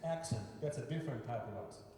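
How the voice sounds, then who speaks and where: A man's voice: medium pitch, fast. A man teaching a piano lesson, patiently repeating short prompts to his student. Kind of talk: remote piano masterclass coaching. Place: room with a piano. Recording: echoey hall, mic far off, loud piano. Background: piano playing.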